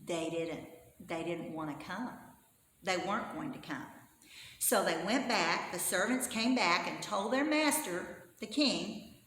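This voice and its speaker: A woman Sunday school teacher telling a Bible story to children in an animated, expressive way and asking her listeners questions. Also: lowish voice, a little slow. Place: church. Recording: echoey church hall, faint hum.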